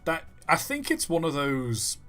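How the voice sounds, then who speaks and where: Male game streamer, bright forward tone, relaxed pace, running commentary with chat banter. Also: a little high, measured pace, faint music behind. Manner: thinking aloud, joking with chat. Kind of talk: live gameplay commentary.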